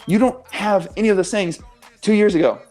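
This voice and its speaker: A man's voice: high voice, fairly quick, darkish tone, faint music behind. A young man as a guest on a radio interview show, talking with passion and emphasis and swearing freely. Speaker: guest, pro athlete and coach.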